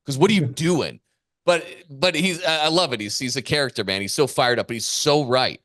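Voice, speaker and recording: A male business coach talking on a casual podcast. He speaks in an emphatic, fired-up way and hammers points home by repeating them. His voice sits at a middle pitch with a dry, close sound. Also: animated, moderate pace, sharp tone, dry recording.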